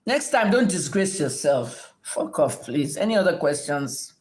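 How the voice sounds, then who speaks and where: A woman's voice: deep voice, sing-song, measured pace, darkish tone. A middle-aged woman rants on her livestream, lecturing and cursing at commenters. Her delivery is blunt, scolding and combative as she answers viewers. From Nigeria. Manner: combative, scolding, heavily profane. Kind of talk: livestream rant and Q&A.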